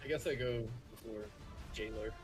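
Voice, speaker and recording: A man's voice: mid-range voice, moderate pace, over music. A man playing a tabletop game who talks hesitantly, with many restarts. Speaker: player.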